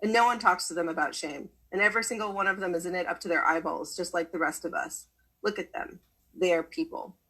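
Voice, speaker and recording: A woman's voice: fairly low pitch, fast talker, bright, forceful tone, breathy edge, heavily acted, poor audio. A woman doing a cheery, encouraging young man. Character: energetic young friendly man, upbeat.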